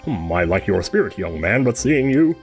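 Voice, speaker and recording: An actor voicing a proud, commanding knight captain in a video game, stately and paternal. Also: male voice, lowish voice, big pitch swings, normal speed, faint music behind.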